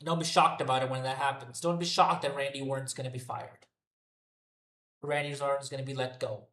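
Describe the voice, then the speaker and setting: A man's voice: mid-range voice, little pitch movement, fairly quick, a bit bright, reverberant. A man giving an unscripted, profane and exasperated solo rant reviewing a wrestling show.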